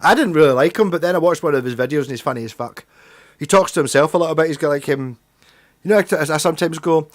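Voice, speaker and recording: Middle-aged bloke on a stream, bit higher voice, rambly and sweary, dead dry sound. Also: male voice, fast talker, no room sound. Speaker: livestream host. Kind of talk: casual livestream chat.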